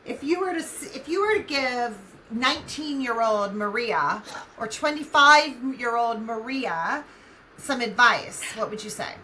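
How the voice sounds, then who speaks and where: A woman hosts an interview conversation in a gentle, attentive way. Her voice sits fairly high and sounds bright and sharp, and faint noise runs underneath. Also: expressive, a little slow, rough recording. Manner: gentle, attentive, soft affirmations. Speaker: podcast host.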